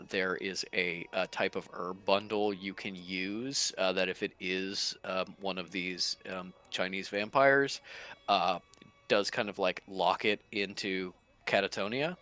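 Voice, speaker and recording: A man running a tabletop game as game master, rambling and laughing as he quickly paraphrases what the characters say. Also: low voice, steady tone, bright, forceful tone, clear, resonant tone.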